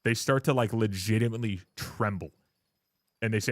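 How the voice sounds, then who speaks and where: A man's voice: on the low side, moderate pace, dry recording, clean studio sound. Blunt, profane young man ranting on stream. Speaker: livestreamer. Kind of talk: casual live-stream rant to chat.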